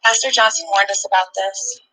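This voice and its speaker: A woman's voice: mid-range voice, steady tone, a little fast, pushed and bright, close to an everyday voice, poor audio. An actress playing a young churchgoing woman in film dialogue, with natural conversational delivery. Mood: chatting.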